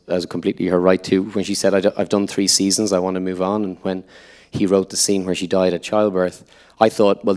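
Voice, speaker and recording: A man with an Irish accent, an actor guest at a live on-stage Q&A, telling stories with animated quotes. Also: deep voice. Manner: lively anecdotal storyteller, quotes others in voices. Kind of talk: on-stage Q&A storytelling. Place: live event venue before an audience.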